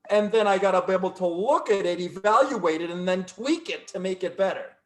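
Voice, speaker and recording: A man's voice: high-pitched, brisk. A man coaching in casual conversation, speaking in emphatic, repetitive affirmations over a video call. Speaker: life coach.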